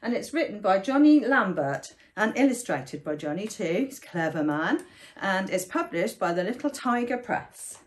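A woman reading a picture book aloud for children in an animated, sing-song storytime manner. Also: medium pitch, normal speed. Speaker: storytime reader.

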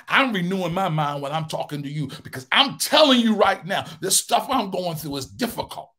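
High-voiced preaching pastor, man. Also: fairly bright tone. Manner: preaching with emphatic repetition. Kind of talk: sermon.

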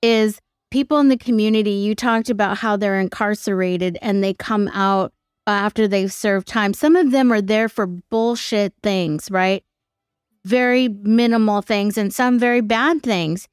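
Woman podcast host, smooth clear voice, dry close mic; engaged and affirming. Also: fairly high pitch, dry recording. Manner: engaged, affirming, thinks aloud. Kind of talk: conversational interview.

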